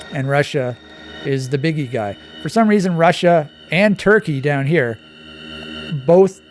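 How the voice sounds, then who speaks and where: A man giving casual, digressive commentary while playing a map quiz, thinking aloud as he goes. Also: fairly high pitch. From Canada. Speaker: quiz channel host.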